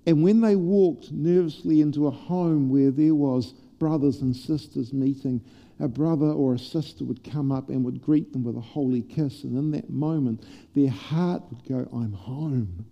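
A man preaching a sermon to a congregation, playful and lively at first and then quiet and prayerful. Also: fairly high pitch, normal speed, creaky, in a large hall. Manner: animated, humorous preaching that turns soft and prayerful. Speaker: pastor. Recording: dull lo-fi church sermon recording.

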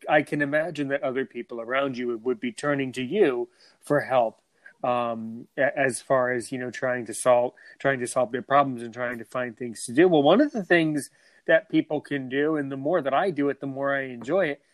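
A man hosts his podcast in loose, friendly chat, bursting with enthusiasm and tripping over his own words as he restarts sentence after sentence. His voice sits at an ordinary middle pitch. It is recorded dry and close, with no room sound. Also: moderate pace, dry recording. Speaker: podcast host.

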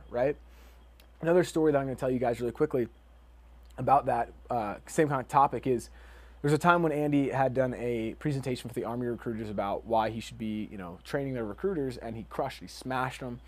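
An energetic young man talks to his viewers in a casual, motivational way. He speaks in quick bursts, leans on fillers, and keeps his pitch right in the middle of the range.

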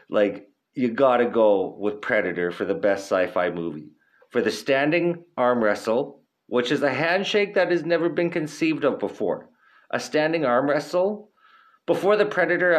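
A young man hosting a podcast in a casual, rambling way, swearing a lot and filling his talk with "like" and "you know". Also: lowish voice. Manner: profane, laid-back rambling with lots of fillers. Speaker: podcast host.

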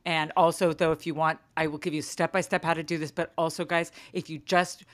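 A woman in her thirties or forties on a podcast, telling a story in a casual, sarcastic, animated way with lots of "like". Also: low voice, brisk. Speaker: podcast co-host. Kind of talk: casual chat.

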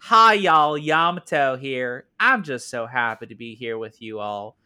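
A man's voice: medium pitch, animated, unhurried, pushed and bright, clear, resonant tone. A man voicing a cheery female narrator in a sweet, sing-song put-on Southern American accent. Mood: bubbly.

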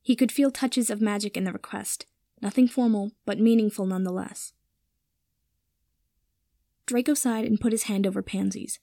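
A woman narrating a story in a measured, even reading style. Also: medium pitch, vocal fry, no room sound, studio quality.

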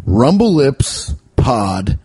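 A man's voice: medium pitch, big pitch swings, extremely slow, darkish tone, husky. A man hosting a podcast, joking around in casual banter and laughing often while reading sponsor plugs. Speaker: podcast host.

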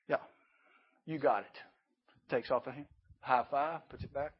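A man preaching a sermon to youth campers, animated and emphatic, dropping suddenly to a hush. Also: medium pitch, a little slow, husky, lo-fi sound. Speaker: youth camp speaker.

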